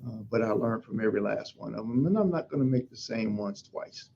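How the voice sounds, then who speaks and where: Emphatic fire chief telling a story. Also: male voice, on the low side, a little fast, creaky, slightly rough, dull audio. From Pennsylvania, USA. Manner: emphatic, animated storytelling with acted-out quotes. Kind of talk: storytelling in an interview.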